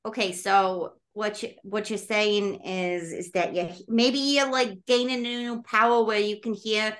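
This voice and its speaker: A woman playing a tabletop role-playing game, chatting in an animated, giggly way. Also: medium pitch, unhurried. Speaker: player. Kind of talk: casual tabletop game play.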